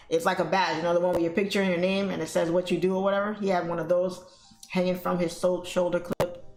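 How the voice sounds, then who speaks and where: A woman hosting a trading livestream, chatting casually to her viewers as she tells a story. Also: lowish voice. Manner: chatty, addresses viewers as y'all and guys. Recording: echoey room with faint music.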